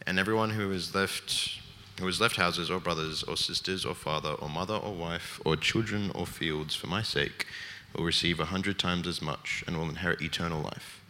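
A man reading a Bible passage aloud in a steady, measured way. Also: sits low, long reverb tail. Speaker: scripture reader.

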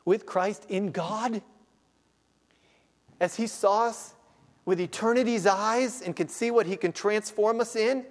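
A man preaching a sermon as pastor, dropping to hushed low asides and then building to loud, slow, rising exclamations. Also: long reverb tail. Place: church sanctuary.

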